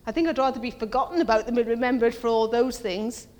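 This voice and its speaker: A woman with a fast delivery and a slightly mellow voice preaches a conversational sermon in church. She puts questions to her congregation and acts out quoted voices in a higher pitch. The church hall adds a long reverb.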